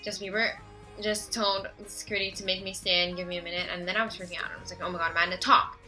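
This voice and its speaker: A teenage girl telling a story in a casual vlog, gushing and excitable and talking fast. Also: medium pitch, faint music behind, low-quality recording. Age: teens. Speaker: vlogger.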